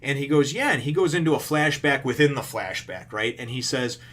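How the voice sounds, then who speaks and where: Medium in pitch and a bit bright, a manga reviewer gives a casual, rambling recap of a chapter. He fills it with fillers and the odd curse word while quickly paraphrasing characters' lines as if performing them.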